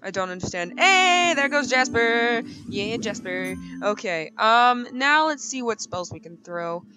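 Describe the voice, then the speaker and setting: A young woman giving playful, chatty commentary over her gameplay, often jumping to high, excited bursts. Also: a little slow, faint music behind. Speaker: gaming YouTuber.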